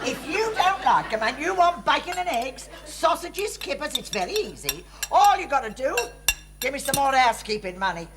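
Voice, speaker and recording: Bossy older mum, brisk and coaxing, lively high voice, audience laughing. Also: female voice, over a noisy crowd, heavy background noise. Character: bossy, doting older working-class mum. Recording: 1970s TV sitcom with audience laughter.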